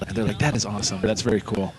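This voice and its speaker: A man's voice: lowish voice, steady tone, racing. A man giving casual, joking play-by-play of an amateur kickball game outdoors, swearing and telling stories. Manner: swearing, joking banter and storytelling. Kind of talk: casual play-by-play commentary with friends.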